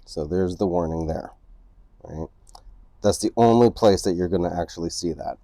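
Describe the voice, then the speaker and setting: At a moderate pace and in a deep, warm voice, a man hosts an informal camera tutorial for his photography channel, sitting indoors at home near a couch. He explains every step and keeps asking the viewer "right?". The sound has no echo and studio quality.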